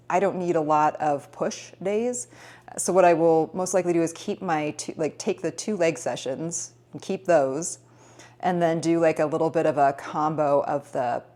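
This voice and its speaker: Chatty woman vlogger, slightly low voice. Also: darkish tone. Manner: chatty, rambling, upbeat. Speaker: fitness vlogger. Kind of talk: casual vlog chat.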